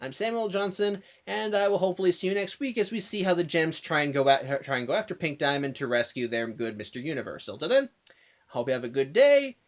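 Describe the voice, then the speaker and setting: A man's voice: fairly high pitch, lively intonation. A man giving a casual spoken review who keeps stopping and correcting himself mid-sentence, recorded in an indoor room. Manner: rambling with frequent self-corrections; acts out the characters' lines in quick bursts. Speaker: video reviewer. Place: indoor room by a curtained window.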